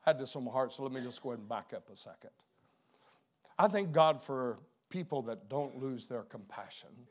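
A middle-aged man preaching a sermon, dropping to hushed low emphasis and then rising to loud, emphatic preaching. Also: lively intonation, a little fast.

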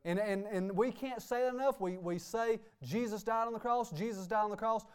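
A man's voice: sits high, fairly quick, clean tone. A man preaching a sermon as pastor, emphatic and repeating "hey" and "okay" between phrases. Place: church sanctuary.

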